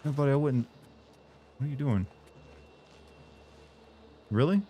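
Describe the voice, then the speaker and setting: A man's voice: mid-range voice, dark tone. Rambling, swearing male streamer. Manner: rambling, rapid filler-heavy chatter with swearing. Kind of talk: casual live stream chat.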